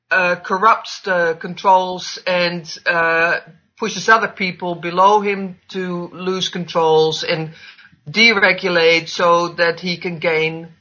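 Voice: medium pitch, pushed and bright, muffled recording. An interviewer asking long, rambling questions full of restarts.

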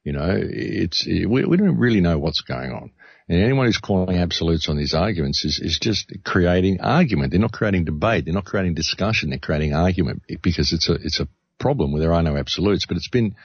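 A man's voice: deep voice, animated, fairly quick, gravelly, slightly rough, no echo. A man who works as an announcer, talking earnestly in a casual discussion and often restarting his sentences. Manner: earnest, rambling with frequent restarts. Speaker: radio announcer. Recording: dull lo-fi, dry sound.

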